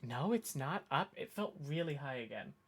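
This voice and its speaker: Rambling, excitable game streamer. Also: medium pitch, normal speed. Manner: rambling, excitable, self-interrupting. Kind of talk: casual let's-play commentary.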